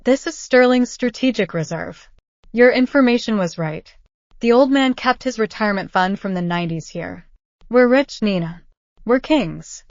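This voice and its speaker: A woman's voice: on the high side, lively intonation, moderate pace, dry recording. A cruel, scheming husband who sneers and mocks, as a woman narrator reads his lines. The voice stays close to her own middle register. It is a dry, slightly muffled recording. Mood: sneering.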